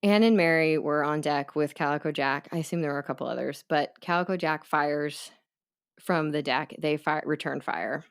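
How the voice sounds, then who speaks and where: Brief: deep-pitched woman host, casual chatty storytelling, quick asides. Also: clean tone. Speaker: podcast host.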